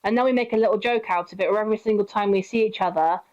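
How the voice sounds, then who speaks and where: A woman's voice: medium pitch, racing, a little mellow, muffled recording. Chatty, swearing young woman. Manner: chatty, swears freely, laughs often. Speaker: streamer. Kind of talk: casual storytelling while gaming.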